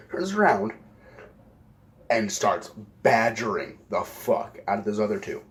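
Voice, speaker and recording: A man's voice: mid-range voice, sing-song, moderate pace. A young man casually telling a rambling story, swearing often and correcting himself mid-sentence. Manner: profane, rambling, self-correcting.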